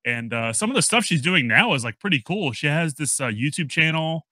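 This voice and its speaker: A man's voice: fairly high pitch, lively intonation, a little fast, pushed and bright, dry recording. A young man hosting a podcast, chatting casually and rambling with lots of fillers. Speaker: podcast host. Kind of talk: casual chat.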